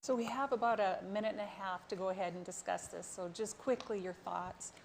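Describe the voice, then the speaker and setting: A woman hosting and moderating a political talk panel in a direct, brisk way. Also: medium pitch, vocal fry. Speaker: talk show host and moderator.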